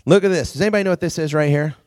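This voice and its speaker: A man's voice: fairly high pitch, racing, no room sound, studio quality. A man preaching to a youth group, telling stories animatedly and acting out quotes. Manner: animated storytelling with acted-out quotes. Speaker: youth pastor.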